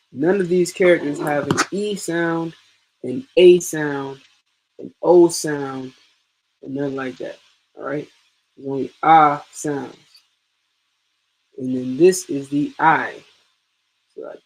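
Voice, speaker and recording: Patient male instructor, husky and unhurried, drills points one by one for an online class. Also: medium pitch, low-quality recording. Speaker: teacher.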